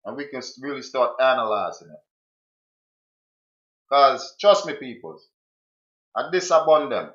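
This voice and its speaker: A man's voice: medium pitch, sing-song, unhurried, pauses often, a bit bright. A man commenting on a played clip. He is emphatic and repeats his questions to drive the point home. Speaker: streamer reacting to a clip. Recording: roomy, dull lo-fi sound.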